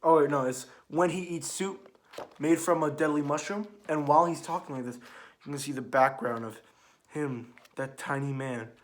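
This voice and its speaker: A man giving a casual spoken manga review, rambling and excitable, swearing freely and restarting his sentences. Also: mid-range voice, moderate pace.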